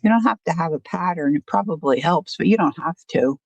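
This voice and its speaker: A woman's voice: lowish voice, lively intonation, a little fast, gravelly, dry recording, poor audio. A woman hosting a casual crafting livestream, rambling and self-deprecating, often stopping to restart her sentences. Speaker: crafting channel host.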